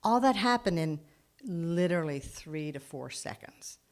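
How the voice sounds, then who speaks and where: Woman storyteller, lowish voice, lively and dramatic at a live event. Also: unhurried. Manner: animated, dramatic swings in loudness.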